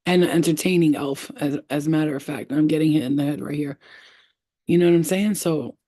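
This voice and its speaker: A young woman with a fairly low voice is telling her story to a phone camera. She talks loosely and animatedly, with plenty of slang and swearing. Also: fairly even intonation, fairly quick, dark tone. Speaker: spiritual vlogger.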